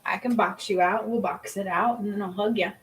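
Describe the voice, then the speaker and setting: A woman's voice: mid-range voice, fairly even intonation, a little fast, poor audio. A woman reading cards and giving healings on a casual livestream, chatty, laughing often and swearing casually. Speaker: psychic reader and energy healer.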